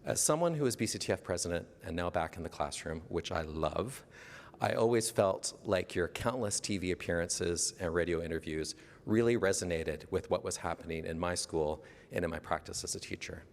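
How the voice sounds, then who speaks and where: A man's voice: sits low, a little fast, vocal fry. A man, a teacher, reading an earnest, formal tribute speech at a convention. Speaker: teacher presenting an award. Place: large convention hall. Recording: long hall reverb.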